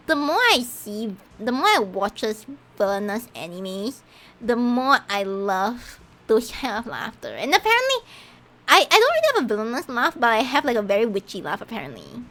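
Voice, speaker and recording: Lively, giggly woman streamer. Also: on the high side, normal speed. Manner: animated and giggly, with frequent stammered restarts. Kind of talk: casual gameplay commentary.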